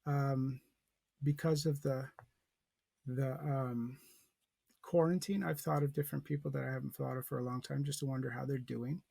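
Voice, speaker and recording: Gravelly, husky male professor lecturing. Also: medium pitch, steady tone, moderate pace, warm tone, dry recording. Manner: loose, thinking aloud with many fillers and restarts. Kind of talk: poetry lecture with a read-aloud.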